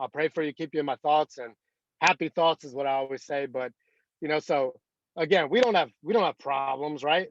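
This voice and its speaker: A man's voice: a little high, no echo, highs cut off. A man in his thirties leading a motivational team call over video, talking in a rambling, anecdotal way full of fillers. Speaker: team leader.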